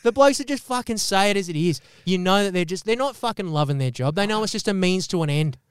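An Australian man hosting a podcast, delivering a profane, animated comedic rant and swearing constantly. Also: high-pitched, fast talker, clean tone, no room sound, studio quality. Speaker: podcast host.

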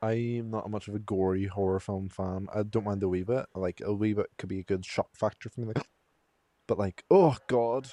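A man's voice: fairly low pitch, fairly even intonation, moderate pace, mellow, no room sound. A man co-hosting a chat podcast, laid-back and teasing, laughing often. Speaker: podcast co-host. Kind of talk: casual chat.

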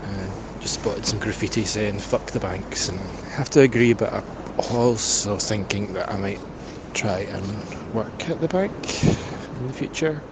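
A man's voice: on the low side, measured pace, few pauses. Glaswegian man calling in from outdoors. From Glasgow, Scotland. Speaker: caller. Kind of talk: voicemail message. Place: outdoors by a river in a city. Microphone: phone. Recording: outdoor phone message with city noise. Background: traffic and street noise.

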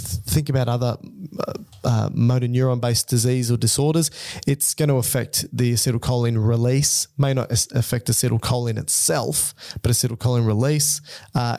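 A man's voice: mid-range voice, creaky, a little mellow, dry recording. Dry-voiced man explaining physiology. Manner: explanatory, teasing his co-host. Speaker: co-host and physiology lecturer. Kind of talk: casual educational podcast chat.

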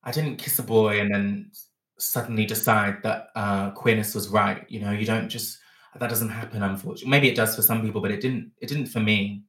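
A man's voice: lowish voice, steady tone, brisk, a bit bright, reverberant, distant mic. A man, from Bristol, telling frank, self-mocking stories as a podcast guest. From Bristol, England. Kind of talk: candid storytelling chat.

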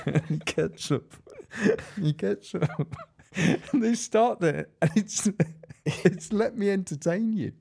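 A man's voice: sits high, slow pace, gravelly, long pauses, breathy edge. A man co-hosting a podcast, telling an anecdote in casual chat and acting out the voices of the people in it. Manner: animated, acts out the voices in his anecdotes. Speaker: podcast co-host.

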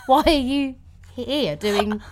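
A woman co-hosting a casual chat, telling animated stories with quick laughs. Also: high voice, slight background noise. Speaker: podcast co-host.

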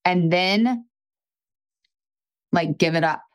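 A woman's voice: lowish voice, slow pace, clean tone. A woman podcast host coaching a listener in a frank, chatty way, swearing casually and filling her talk with "like".

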